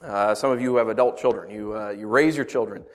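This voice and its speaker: A man in his thirties, a pastor preaching a sermon, swinging from loud outbursts to quiet asides. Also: fairly low pitch, brisk.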